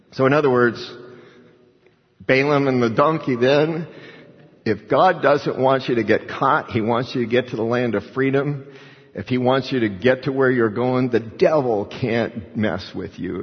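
Impassioned preaching man in echoing hall. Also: mid-range voice. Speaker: pastor. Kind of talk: sermon. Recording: muffled sound with long hall reverb.

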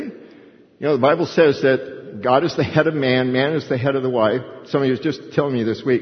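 An older man teaching a bible study as a pastor, animated storytelling and acting out the voices of the people in the story. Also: mid-range voice, brisk. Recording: dull recording in a long-reverb hall.

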